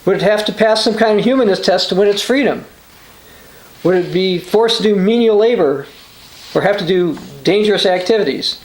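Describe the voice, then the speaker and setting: Male preacher, high-pitched, reads quotes and scripture for a sermonette, some hesitations; roomy echoey sound. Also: moderate pace, slight background noise. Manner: reads quotations aloud with frequent uh and restarts. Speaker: preacher hosting a religious news channel. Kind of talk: short sermon reading news and scripture.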